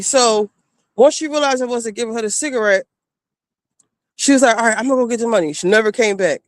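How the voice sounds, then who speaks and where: A woman streamer telling casual stories in a blunt, animated way, acting out the people she quotes. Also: fairly high pitch, dry recording. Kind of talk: casual storytelling.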